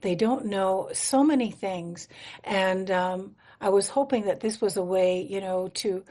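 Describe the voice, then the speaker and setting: A woman's voice: mid-range voice, a little slow, mellow. Singer-songwriter woman from Manitoba, Canada, as a radio guest: mid-range voice, earnest, reflective storytelling with easy laughs. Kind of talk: radio interview conversation.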